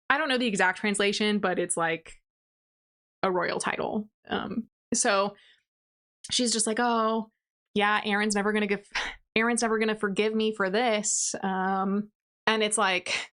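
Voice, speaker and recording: A young woman giving a casual rant review of a novel, retelling the plot in a chatty way with lots of "like" and quick acted-out quotes. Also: mid-range voice, fairly even intonation, a bit bright. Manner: chatty, many "like"s, acts out quotes in passing. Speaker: book reviewer.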